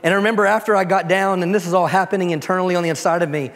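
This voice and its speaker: A pastor giving a storytelling sermon, dropping to a soft, quiet voice when he prays. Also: high-pitched, fairly even intonation, rapid-fire. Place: church sanctuary. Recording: long church reverb.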